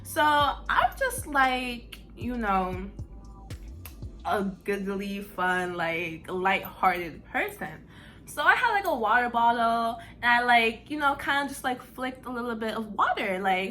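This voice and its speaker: A woman's voice: on the high side, takes it slowly, soft background music. A young woman telling a story in a casual, blunt way, full of "like" and swearing. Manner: animated, heavy use of "like", blunt and profane. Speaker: vlogger.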